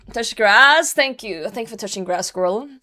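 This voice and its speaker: A woman's voice: fairly high pitch, animated, unhurried, sharp tone. A young woman streaming a game, chatting casually with viewers, blunt and self-mocking, laughing often and swearing when frustrated. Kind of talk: casual live game commentary.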